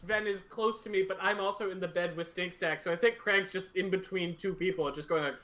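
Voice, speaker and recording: Player, male, a touch high, bright, halting and rambling. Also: steady tone. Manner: rambling, hesitant. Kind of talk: casual role-play chat.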